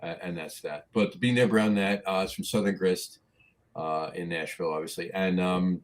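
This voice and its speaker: A man with a low voice co-hosts a casual podcast. He talks haltingly, filling pauses with "uh" as he hunts for the next word. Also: steady tone. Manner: halting, many "uh" fillers, searching for words. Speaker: podcast co-host. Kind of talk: casual chat.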